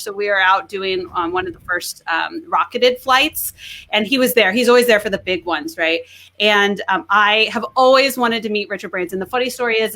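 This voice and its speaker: Animated woman guest, bright and forceful tone, gushing chatter. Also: mid-range voice. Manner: excitable, gushing, lots of "like". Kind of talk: animated storytelling.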